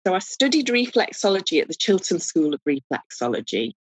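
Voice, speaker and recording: A woman, a podcast guest, telling lively and humorous stories in a casual chat. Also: lowish voice, a little fast, slightly rough, dry recording, low-quality recording. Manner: animated, humorous, acts out voices in anecdotes. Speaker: guest foot reader. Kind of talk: casual storytelling interview.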